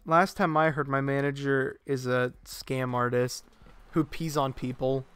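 A young man streaming a game live, giving excitable commentary full of profane trash talk. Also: mid-range voice, measured pace, clean tone.

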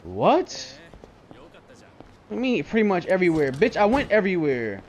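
A man's voice: sits high, very animated, normal speed, lo-fi sound, slight background noise. A young man cursing and ranting in exasperation while playing a game, in loose casual gameplay commentary. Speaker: gamer.

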